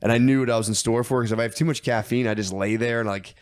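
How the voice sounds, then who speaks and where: A man's voice: medium pitch, steady tone, rapid-fire, dry recording. Rambling, profane young man telling a story. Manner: rambling, profane, stammering restarts, acts out his own thoughts. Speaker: podcast co-host. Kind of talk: casual storytelling chat.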